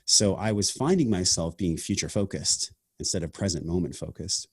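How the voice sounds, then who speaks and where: A man's voice: deep voice, animated, normal speed, breathy edge, no room sound, studio quality. A man hosting a podcast, speaking in a reflective, earnest and casual way, often saying "man" and "like". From half Sicilian family heritage. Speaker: podcast host. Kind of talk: casual conversation.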